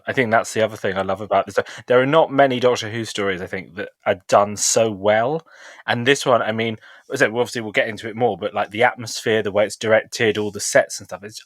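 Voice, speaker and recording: A man's voice: lowish voice, no echo. Enthusiastic man in dry chat. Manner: enthusiastic, rambling with restarts. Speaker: podcast guest. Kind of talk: casual chat. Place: on stage in a theatre.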